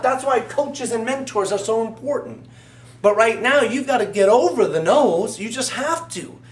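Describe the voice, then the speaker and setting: A man speaking as a motivational business coach, emphatic and repetitive as he urges the listener on. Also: very high-pitched. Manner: emphatic, repetitive, fervent exhortation. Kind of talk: motivational talk to camera. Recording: echoey room, voice from a distance.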